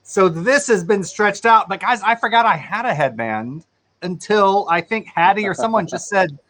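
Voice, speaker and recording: A man's voice: sits high, animated, normal speed, a bit bright. A man co-hosting a live stream in casual chat, throwing in playful exclamations. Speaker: co-host.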